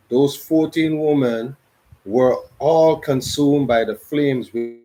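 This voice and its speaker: Slow, measured Crucian man. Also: medium pitch, dark tone, rough recording. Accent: Virgin Islands Crucian. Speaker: reader and narrator of a dialogue. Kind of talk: dramatic reading.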